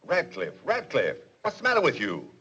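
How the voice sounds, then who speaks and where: An actor playing a cautious, businesslike school board official in a 1940s film comedy, speaking in a measured, official way. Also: male voice, on the high side, wildly swooping pitch, pushed and bright, slightly rough, exaggerated voice. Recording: muffled 1940s film soundtrack with hiss.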